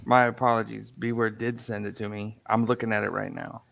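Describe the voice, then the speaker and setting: A man with a gravelly, lowish voice moderating a podcast, halting and apologetic as he trips over his words. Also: little pitch movement, a bit bright, no room sound. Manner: hesitant, stumbling, apologetic. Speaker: guest moderator. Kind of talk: casual comedic chat.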